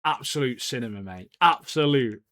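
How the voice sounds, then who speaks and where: A young man co-hosting a podcast, talking in excitable, slangy casual chat and saying "mate" a lot. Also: mid-range voice, moderate pace, no echo, studio quality. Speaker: podcast co-host.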